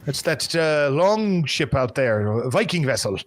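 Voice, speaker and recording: A man voicing a jovial, barrel-chested male skeleton bartender who talks in old pirate dialect, a bit higher than his own voice. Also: big pitch swings, a little slow, soft background music.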